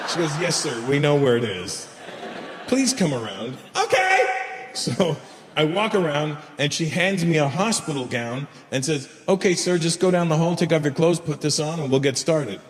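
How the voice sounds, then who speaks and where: Performing stand-up at a big live venue full of laughing people, this man has a slightly high voice and acts out both parts of a crude story's dialogue. There's a bit of hiss or hum, and the hall sounds roomy and echoey with faint ambience.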